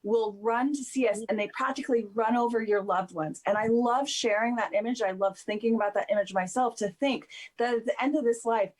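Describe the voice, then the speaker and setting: An earnest woman speaking as a guest on a talk show. Her voice sits fairly high, and she talks in a warm, heartfelt way. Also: brisk, hardly any pauses. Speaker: animal communicator guest. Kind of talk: casual talk show chat.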